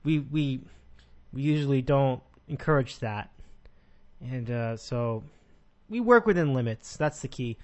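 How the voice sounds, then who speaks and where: Rambling sports podcast host. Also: male voice, mid-range voice, animated, a little slow. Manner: rambling, frequent restarts and laughs. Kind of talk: casual sports podcast chat.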